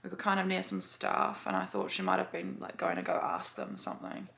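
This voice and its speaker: A woman's voice: on the low side, big pitch swings, brisk, creaky, a bit bright. A woman chatting casually to camera, full of fillers and swearing as she tells a story. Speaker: vlogger.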